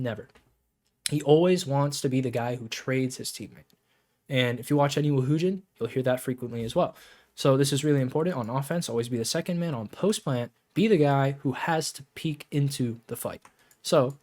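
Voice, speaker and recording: A man coaching players on a shooter game, talking casually to camera with lots of fillers and restarts, then turning lively and emphatic. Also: medium pitch. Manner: rambling with many fillers, grows lively and emphatic.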